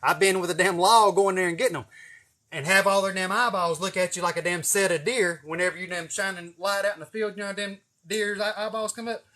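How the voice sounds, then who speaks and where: A man's voice: sits high, a little fast. Profane man telling stories. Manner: swearing, animated storytelling with acted-out quotes. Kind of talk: casual storytelling.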